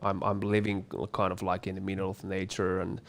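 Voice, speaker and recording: Gravelly, flat-toned man, hesitant. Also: low-pitched, a little fast. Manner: hesitant, repeats words, many fillers. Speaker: co-host. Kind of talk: casual panel Q&A.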